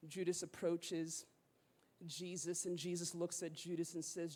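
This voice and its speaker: A woman's voice: lowish voice, a little slow. A woman preacher telling a story in a sermon, casual and slangy, acting out the people she quotes. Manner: animated, slangy, acts out quotes. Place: church sanctuary.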